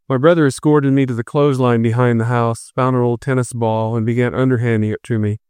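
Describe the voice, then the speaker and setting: Smooth, clear male storyteller. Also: mid-range voice, quick pace, hardly any pauses, no room sound, clean studio sound. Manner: steady, reflective. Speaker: narrator. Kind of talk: scripted narration.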